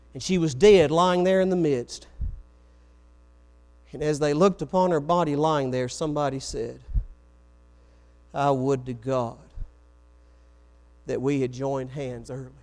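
A man's voice: a little high, a little slow, pauses often, darkish tone. A man preaching a sermon, telling stories and acting out the quoted voices. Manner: storytelling, acts out quoted voices.

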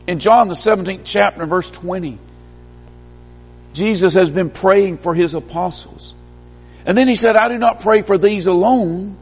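A man preaches a sermon in a church hall, his slightly husky voice rising to emphatic peaks and then dropping low and quiet. His words ring out with a long reverb trailing behind them.

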